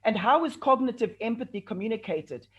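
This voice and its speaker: A man's voice: high-pitched, a little fast, dull audio. A man in his forties, a coach giving a virtual conference talk and acting out the dialogue in his stories. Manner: animated storytelling, acts out dialogue. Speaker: workshop speaker and coach.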